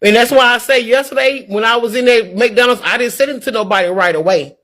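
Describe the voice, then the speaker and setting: A woman talking casually to her viewers in a vlog, in an animated, preachy, folksy way. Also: a little high, a little fast. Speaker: vlogger. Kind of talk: casual talk to camera.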